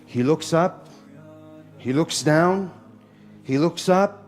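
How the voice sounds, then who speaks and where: A man preaching a live sermon in an animated way, calling on the audience. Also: a little high, slow, soft background music.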